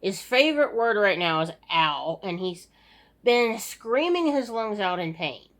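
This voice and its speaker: A woman's voice: medium pitch, very animated, a little slow. A middle-aged woman giving a casual, rambling personal video update, weary and sighing often, with many restarts. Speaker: vlogger. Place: home at night.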